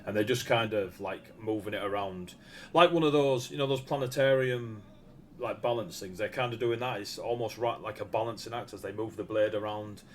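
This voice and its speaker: A man's voice: on the low side, moderate pace. A man narrating as game master in a casual, rambling way with laughing asides.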